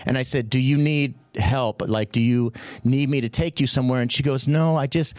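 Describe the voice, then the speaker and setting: A middle-aged man co-hosting a radio show, telling a story in an excitable way and acting out quotes in a raised voice. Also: mid-range voice, fairly quick, dry recording. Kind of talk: animated storytelling chat.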